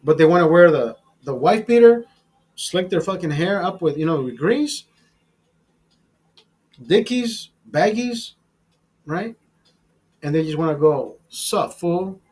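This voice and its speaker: Husky high-voiced man ranting profanely. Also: a little slow, long pauses. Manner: profane, animated, laughs at his own bits. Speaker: show host. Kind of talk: casual live-stream rant.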